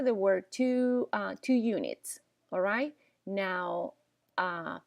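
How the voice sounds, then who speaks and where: Slow-paced, patient woman language teacher. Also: mid-range voice, vocal fry, dry recording, clean studio sound. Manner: patient, checks in often with "okay?" and "all right?"; casual, slightly ungrammatical English. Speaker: Spanish teacher. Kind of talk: recorded classroom lesson.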